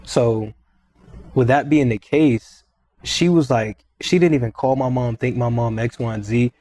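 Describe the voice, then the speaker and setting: A young man, a podcast guest, retelling a personal story in a casual, animated way, often quoting what was said and repeating himself. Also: mid-range voice, unhurried.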